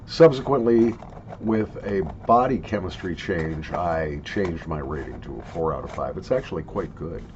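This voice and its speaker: A man from Minnesota with a light, mostly trained-out Minnesotan accent, answering viewer questions with crisp radio-announcer diction and dry humor, recorded in a basement. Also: low voice, lively intonation, moderate pace. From Minnesota, USA. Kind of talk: slow deliberate vlog talk, words spaced apart. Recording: dull lo-fi audio with faint background hiss.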